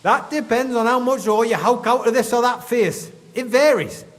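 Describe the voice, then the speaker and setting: An actor playing a gruff, suspicious middle-aged mine foreman with a Geordie accent and blunt dialect slang. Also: extremely high pitch, normal speed, in a large hall. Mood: grumbling.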